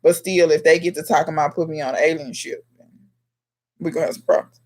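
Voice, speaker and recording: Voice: mid-range voice, fairly even intonation, fast. A home gardener hosting a casual live question-and-answer stream, chatting straight to viewers by name and scolding them in a teasing way. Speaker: livestream host and home gardener.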